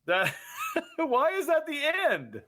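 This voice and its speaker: A man's voice: extremely high pitch, wildly swooping pitch, slow pace, noisy background. A man co-hosting a podcast in casual chat, joking and playful. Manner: jokey, playful, laughs often. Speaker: podcast co-host.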